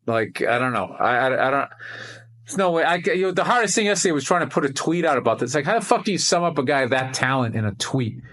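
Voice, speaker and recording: A man's voice: mid-range voice, animated, fast talker, fairly bright tone. A man guesting on a video call chat, rambling and reflective, with frequent swearing and restarts. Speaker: comedian guest. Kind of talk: casual chat.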